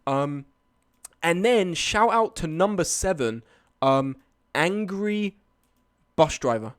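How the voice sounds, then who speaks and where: A man's voice: a little high, animated, slow pace. A young man telling a rambling story to his stream chat, swearing and laughing along the way. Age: young adult. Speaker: live streamer.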